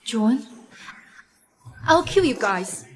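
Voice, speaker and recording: A woman's voice: fairly high pitch, sing-song, very slow, slight background noise, full character voice. A woman voicing a wronged young mother, bitter and pleading, in a dubbed drama. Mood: angry.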